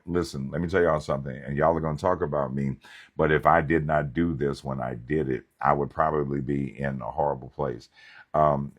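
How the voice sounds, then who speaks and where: A male pastor preaching a sermon. He tells stories in a lively, conversational way, with humour. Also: rumbling low. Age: young adult. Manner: animated, conversational, humorous preaching. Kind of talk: sermon with storytelling.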